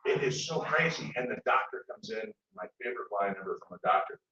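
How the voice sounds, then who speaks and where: A man on a paranormal TV show telling a story to a convention audience in a jokey, animated way. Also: lowish voice, a little fast. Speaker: paranormal TV show cast member, convention panelist. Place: large convention hall. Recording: echoey hall, distant mic, dull sound.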